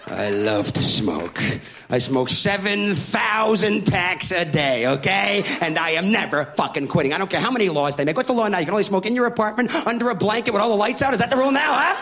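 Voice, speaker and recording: A male stand-up comedian rants fast with a gravelly, bright, high voice. He yells and hammers his lines, with a faint crowd behind him in a live club. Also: slight background noise. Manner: frantic, yelling rants with gravelly edge.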